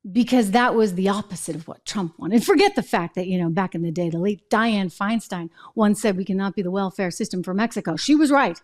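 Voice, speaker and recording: A woman's voice: mid-range voice, a little fast, few pauses. A woman from New Hampshire hosting a political commentary show, indignant and full of rhetorical questions. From New Hampshire, USA.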